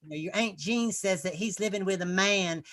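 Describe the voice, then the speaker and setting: High fussy prudish mom, as a comic puts her on, sing-song, churchy. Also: normal speed, fairly bright tone. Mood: worried. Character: prim, prudish religious older mother.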